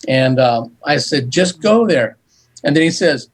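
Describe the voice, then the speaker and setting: A man with a slightly raised pitch tells a long story as a guest on a radio interview. He talks in an animated way and acts out short exchanges of dialogue as he goes. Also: breathy edge, rough recording. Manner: animated, recounts dialogue in quick back-and-forth. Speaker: psychic medium guest.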